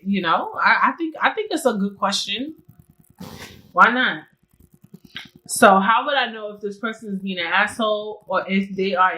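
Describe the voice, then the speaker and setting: Young woman podcast host, bright voice, blunt slangy and laughy. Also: medium pitch, slight background noise, poor audio. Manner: candid, slangy, laughs often. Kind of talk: casual solo podcast monologue.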